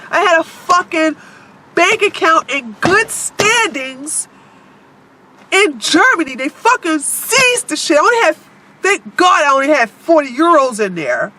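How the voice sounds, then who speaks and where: A woman's voice: high-pitched, sharp tone, slight background noise. A woman from the United States, delivering a blunt, profane vlog monologue. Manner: blunt, heavily profane, emphatic. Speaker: vlogger.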